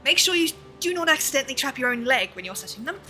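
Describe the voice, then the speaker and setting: Woman doing a mock-British old villager, formal game-dialogue read, high and sharp. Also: big pitch swings, fast, faint music behind, heavily acted, poor audio. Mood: solemn. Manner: formal, old-fashioned storybook phrasing. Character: older weary villager with an old injury. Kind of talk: reading game dialogue aloud.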